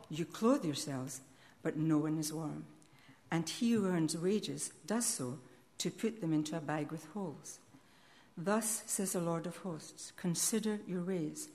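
A woman reads a long Bible passage aloud to a congregation. Her voice is fairly low for a woman, and her reading is measured and solemn. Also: darkish tone. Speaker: scripture reader.

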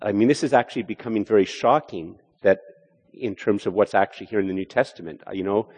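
A male preacher giving a sermon, animated and full of restarts as he voices a skeptic's objections. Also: lowish voice, quick pace. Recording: hall reverb.

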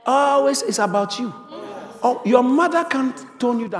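Male pastor, high voice, emphatic sermon delivery with repeated phrases, reverberant church sound. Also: expressive, normal speed. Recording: reverberant hall.

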